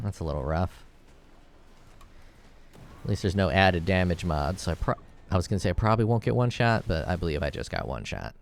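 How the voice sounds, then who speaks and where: A gameplay video creator comments casually as he plays, thinking aloud and rambling into jokes with the occasional curse. His voice is deep with vocal fry.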